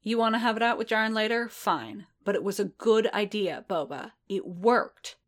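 A woman reading a story aloud and voicing a cool, sharp-tongued female mercenary who talks briskly and bluntly. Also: mid-range voice, animated, pitched above the performer's own voice, natural voice.

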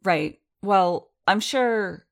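A woman voicing an earnest, cheerful young gentleman in an audiobook, speaking in a hesitant, hopeful way with words tumbling out. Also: mid-range voice, drawn-out words, pitched above the performer's own voice. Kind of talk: audiobook character voice.

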